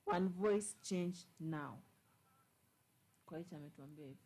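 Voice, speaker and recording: A Kenyan woman talks through current events in a relaxed, scolding way. Her voice is husky and a little breathy. She drives her points home by saying them again and again. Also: fairly low pitch, moderate pace, pauses often, poor audio. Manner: scolding, emphatic, repeats phrases. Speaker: commentator. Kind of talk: casual political chat.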